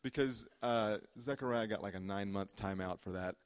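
A man's voice: fairly low pitch, brisk, clear, resonant tone. A man preaching a sermon as a pastor, conversational and joking, with frequent "uh" fillers. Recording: long hall reverb.

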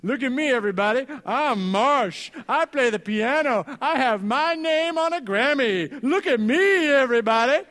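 A man mimicking a bragging male pianist in a loud, goofy, showing-off way, with long hall reverb. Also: very high voice, expressive, moderate pace, few pauses, pitched above the performer's own voice. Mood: boastful. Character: showoff male piano player, bragging.

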